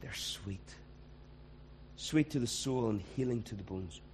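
A man's voice: mid-range voice, measured pace, a little mellow, slight background noise, rough recording. A man, preaching a conversational sermon and acting out quoted voices.

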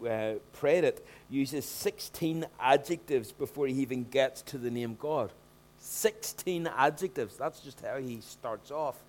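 A man preaching a sermon, talking in an animated way and rising to loud emphatic bursts when he acts out scenes. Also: mid-range voice. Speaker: pastor.

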